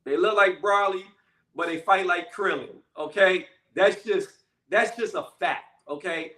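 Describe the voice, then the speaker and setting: High, bright-voiced man ranting casually. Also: unhurried. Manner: blunt, emphatic, repeats "okay" and "right". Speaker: channel host. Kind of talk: casual commentary rant. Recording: echoey room, mic at a distance.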